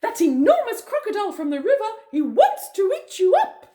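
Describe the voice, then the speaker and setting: A woman's voice: very high-pitched, wildly swooping pitch, brisk, warm tone, pitched above the performer's own voice, full character voice. A woman voicing a chirpy little bird who calls out urgent sing-song warnings to children in a storybook.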